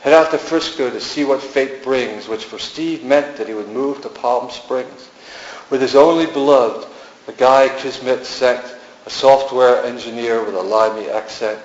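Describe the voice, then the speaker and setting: A man's voice: mid-range voice, unhurried. A man poet giving a sing-song reading of rhyming verse at a gallery. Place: art gallery. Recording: roomy, dull gallery recording.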